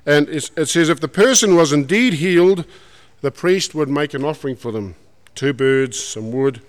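A man preaching a sermon, folksy and animated, putting questions to the congregation. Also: fairly high pitch, normal speed. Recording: long hall reverb.

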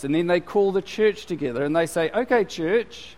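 A man's voice: high voice, expressive, normal speed, hardly any pauses, a little mellow. Man preaching in a reverberant hall. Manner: conversational, with many fillers and restarts. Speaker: pastor. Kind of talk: sermon.

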